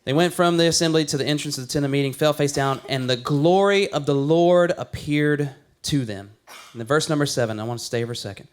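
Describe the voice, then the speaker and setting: A man with a high voice preaches a sermon in a relaxed, conversational way. He tells stories with a light, playful touch, like he's chatting with his congregation. He sounds like a pastor in his thirties. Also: a little fast. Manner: conversational, playful storytelling with acted quotes.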